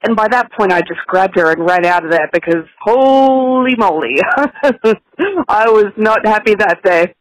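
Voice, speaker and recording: A woman with an Australian accent, a caller telling an animated story in a recorded message. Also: moderate pace, no echo. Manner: animated storytelling, high voice for child quotes. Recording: tinny phone-line recording.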